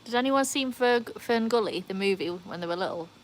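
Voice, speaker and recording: A woman's voice: mid-range voice, animated, brisk, a little hiss or hum. A woman hosting a casual livestream from beside a pool, chatting with viewers and breaking into squealing cheers. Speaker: livestream host. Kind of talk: casual live-stream chat reading viewer comments. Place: outdoors beside a home swimming pool.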